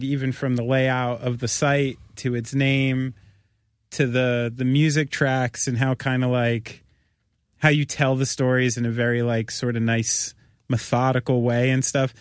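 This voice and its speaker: A man's voice: mid-range voice, little pitch movement, a little slow, no echo, studio quality. Rambling male podcast host. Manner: rambling, full of likes and restarts, swearing. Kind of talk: casual podcast chat.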